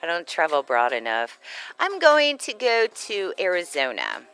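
A woman's voice: on the low side, wildly swooping pitch, moderate pace, a bit bright, smooth, soft background music, low-quality recording. A woman co-hosting a casual chat, playful and jokey, laughing often. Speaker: co-host.

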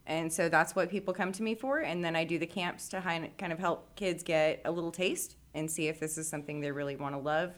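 Low-voiced woman guest, riding instructor. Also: fairly even intonation, brisk, hardly any pauses. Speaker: riding academy owner, guest. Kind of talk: radio guest interview.

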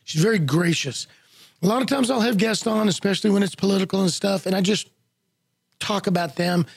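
A man's voice: high voice, brisk, gravelly, husky, dry recording. A man hosting a local radio talk show, folksy and joking as he talks straight to his listeners. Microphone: studio microphone.

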